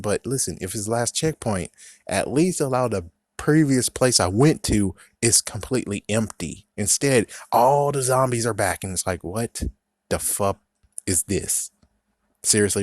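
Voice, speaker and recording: A man's voice: on the low side, expressive, moderate pace, no echo, studio quality. A young man in a profane, angry rant reviewing a video game, mocking its designers in put-on voices. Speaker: gaming vlogger.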